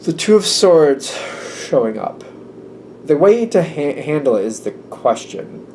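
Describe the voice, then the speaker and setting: A man's voice: a little high, very animated, a little slow, darkish tone, slight background noise. A man giving a casual tarot reading, rambling and thinking aloud, acting out little quoted exchanges. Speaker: tarot reader.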